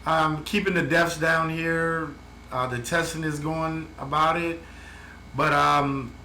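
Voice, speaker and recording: A man's voice: a little high, steady tone, slow pace, pushed and bright. Blunt, heated man in an echoey room. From United States. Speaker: travel vlogger. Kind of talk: ranting video update. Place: home in the Philippines. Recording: echoey room, faint background noise.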